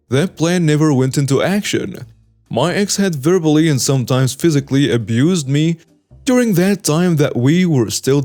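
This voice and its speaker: A man with a somewhat high voice reads online stories as the channel's regular narrator. His delivery is even and scripted. Soft music plays faintly underneath.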